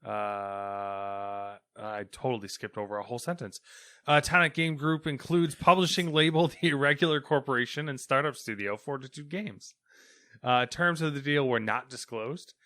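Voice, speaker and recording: A man's voice: medium pitch, normal speed, bright, forceful tone, no room sound, studio quality. A man co-hosting a casual gaming podcast, reading news items in a hesitant, self-deprecating manner. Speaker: podcast co-host.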